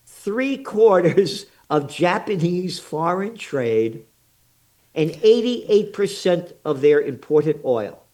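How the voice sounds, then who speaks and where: A man's voice: sits high, darkish tone. An older American man with an American accent, a trends forecaster giving blunt, sarcastic, indignant commentary in an interview, full of rhetorical questions.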